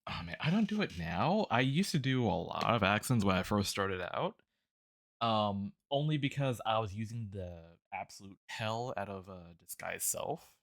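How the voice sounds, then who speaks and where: A man's voice: lowish voice, animated, normal speed, dry recording, clean studio sound. A man guesting on a stream, chatting casually, rambling and hesitant with many ums. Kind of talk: casual chat.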